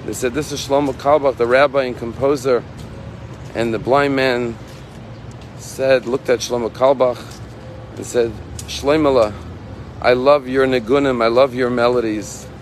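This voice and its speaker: Male rabbi, storytelling sermon, gravelly edge, recorded outdoors with faint street noise. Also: medium pitch. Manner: earnest storyteller, slows down on key points. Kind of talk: short Torah lesson with storytelling.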